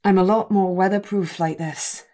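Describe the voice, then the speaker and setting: A woman putting on a gruff Scottish ogre. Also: steady tone, warm tone, close to an everyday voice. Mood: wry. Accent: light Scottish burr. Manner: slow, low-key, often half-whispered. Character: huge gruff male ogre, diffident, dry humour. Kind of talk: audiobook character voice.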